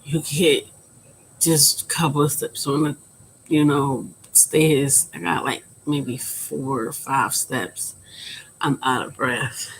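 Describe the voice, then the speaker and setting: A woman in her late thirties talks candidly to her viewers, keeping her volume low and subdued. Her voice has a gravelly, creaky edge, and she rambles with lots of fillers. Faint ambient noise sits underneath. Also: fairly even intonation, slow, low-quality recording. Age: 30s. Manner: quiet, subdued speaking volume; frank, rambling, with frequent fillers. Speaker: vlogger. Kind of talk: candid personal vlog talk.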